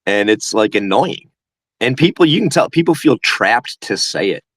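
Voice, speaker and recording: A man with a low voice rambles through a relaxed live-stream conversation, often breaking into a laugh. The sound is dry, with no room echo. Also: normal speed. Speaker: guest co-host. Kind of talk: casual live-stream chat.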